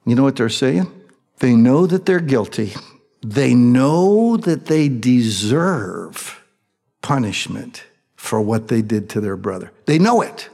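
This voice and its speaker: A male pastor giving a sermon, swinging between loud urgent preaching and hushed, tender speech. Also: mid-range voice, big pitch swings, slow, gravelly, in a large hall.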